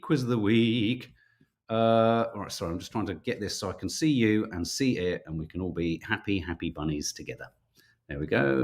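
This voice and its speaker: A chatty man from the United Kingdom hosting a casual live-stream quiz. His voice swings widely up and down as he reads out questions and laughs at his own slips over names. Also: lowish voice. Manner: chatty, self-mocking, stumbles over names. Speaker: podcast co-host running a viewer quiz.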